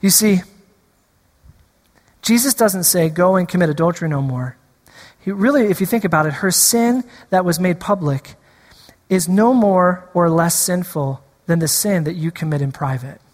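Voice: medium pitch, a little slow, in a large hall. A preacher delivering a sermon, repeating key lines for emphasis and drawing the congregation in.

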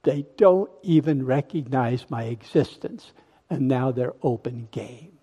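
A man's voice: mid-range voice, a little slow. A man whispering as a gloating devil. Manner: hushed, breathy whisper. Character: sly gloating male devil. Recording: long hall reverb.

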